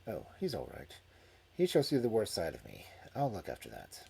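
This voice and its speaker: Weak muttering detective, wounded, wry, scheming, low voice, warm tone, a man doing it. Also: wildly swooping pitch, moderate pace, slight background noise. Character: injured wry male detective, calm and scheming.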